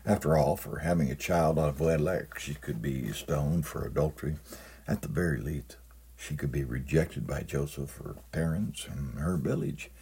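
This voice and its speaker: Man, pastor, mellow dark tone, husky voice, sermon. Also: a bass voice, normal speed. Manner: humorous storytelling, chuckles at own jokes. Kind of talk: sermon with a humorous reading.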